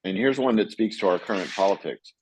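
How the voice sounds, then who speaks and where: A man co-hosting a casual book chat, reading passages aloud and thinking out loud with many fillers and restarts. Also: lowish voice, brisk, a little hiss or hum, low-quality recording. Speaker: podcast co-host.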